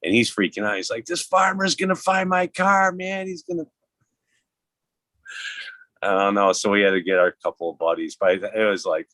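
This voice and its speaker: A man in his fifties with a very deep voice tells loose, swearing stories. The recording is dry and close, with no room sound. He laughs as he goes. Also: fairly bright tone, dry recording. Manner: rambling and profane, laughs at his own stories. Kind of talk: casual storytelling chat.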